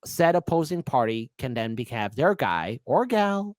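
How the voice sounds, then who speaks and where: A man's voice: mid-range voice, very animated, a little slow, no echo, clean studio sound. A man hosting a casual political commentary show, rambling and emphatic, repeating points. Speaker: host.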